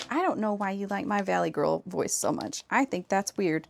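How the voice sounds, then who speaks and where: A woman in her thirties with a low-key, even delivery, casually chatting with viewers while she crafts on a live stream. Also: unhurried, vocal fry. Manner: thinks aloud and answers chat.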